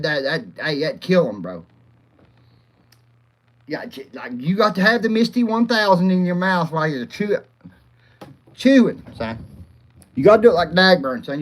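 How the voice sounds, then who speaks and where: A man's voice: on the high side, fairly bright tone. A man hosting a rambling, profane live chat, often laughing and calling out viewers by name. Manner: crude, profane, rowdy, laughs a lot. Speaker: livestream host.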